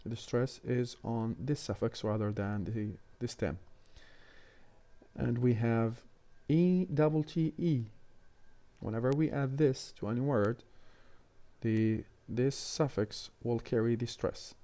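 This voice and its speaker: Male lecturer, mid pitch, mellow tone, dry close recording; measured teaching delivery with hesitations. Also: no room sound. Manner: measured, explanatory, frequent "uh" hesitations. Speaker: university phonetics lecturer.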